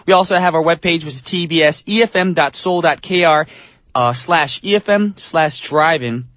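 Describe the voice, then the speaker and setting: A man's voice: on the high side, moderate pace, fairly bright tone, dry recording, studio quality. A man from the United States hosting a morning radio show in an upbeat, chatty, self-joking way. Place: radio studio.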